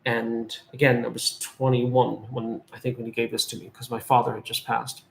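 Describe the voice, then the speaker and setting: Man, forties, medium-pitched voice, earnest spiritual talk, repeats key phrases. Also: level tone, normal speed, vocal fry, slight background noise. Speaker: medium and life guide.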